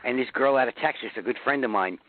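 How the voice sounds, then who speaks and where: Fast-talking New York man on a phone line. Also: medium pitch. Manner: loose, profane, laughs often. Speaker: guest musician. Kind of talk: casual radio interview chat.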